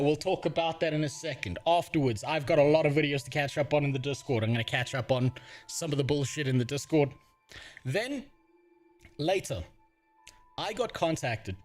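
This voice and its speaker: A man from Africa, livestreaming and ranting in casual, profane, exasperated talk. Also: a little high. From South Africa.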